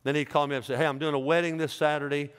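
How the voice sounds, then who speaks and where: A man's voice: on the high side, little pitch movement, rapid-fire, clear, resonant tone. A middle-aged man preaching a sermon as pastor, in a folksy, joking, conversational way. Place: large church sanctuary. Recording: reverberant church hall.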